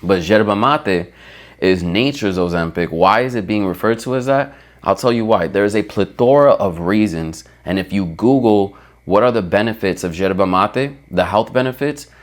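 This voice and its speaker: A man giving a motivational fitness vlog, emphatic and stretching out key words, often checking in with "right?". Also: fairly low pitch. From United States. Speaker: fitness vlogger. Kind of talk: motivational talking-head vlog.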